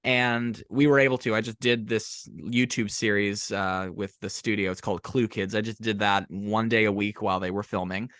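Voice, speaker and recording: A man's voice: on the low side, steady tone, moderate pace, few pauses, a bit bright, no echo. A man hosting a podcast interview, telling a story in a chatty, joking way. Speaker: podcast host. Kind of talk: casual interview chat.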